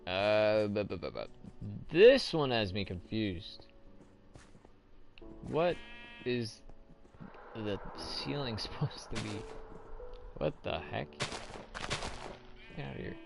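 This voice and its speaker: A man's voice: lowish voice, lively intonation, slow pace, gravelly, long pauses, over music. A young man hosting a casual gameplay commentary, rambling and asking himself questions as he plays. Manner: rambling, thinks aloud, self-questioning. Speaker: let's play host.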